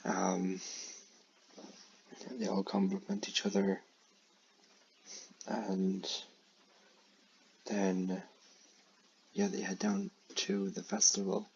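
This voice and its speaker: Low gravelly guy rambling thru a story with lots of ums, dull lo-fi sound. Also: sing-song, extremely slow, long pauses, a little mellow, slight background noise. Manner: rambling, with many fillers and restarts. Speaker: creator retelling his own film idea. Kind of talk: casual spoken plot retelling. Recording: dull lo-fi recording.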